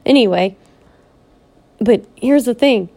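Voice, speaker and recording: A woman's voice: fairly high pitch, takes it slowly, vocal fry, mellow. A woman vlogger ranting in a personal vlog, pleading and upset, repeating herself and restarting her sentences. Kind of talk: emotional personal vlog rant.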